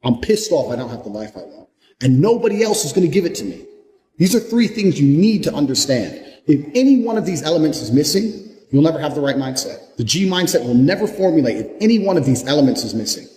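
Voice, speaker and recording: A man's voice: on the high side, big pitch swings, fast, dark tone. A young adult man giving a blunt, profane motivational monologue, speaking with hard conviction. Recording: echoey room with long reverb.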